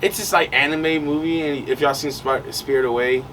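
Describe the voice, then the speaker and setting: A man's voice: on the high side, steady tone, normal speed, a bit bright. A young man co-hosting a podcast, telling a long story in a rambling, slangy way full of fillers. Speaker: podcast co-host. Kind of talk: casual storytelling chat. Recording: distant mic with noise behind.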